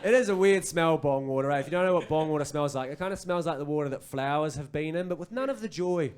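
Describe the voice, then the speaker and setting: A man's voice: fairly high pitch, quick pace, noisy background. New Zealand man telling a rambling story. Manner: rambling anecdotal storytelling with animated impressions. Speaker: stand-up comedian. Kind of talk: stand-up comedy set. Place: comedy club stage with live audience.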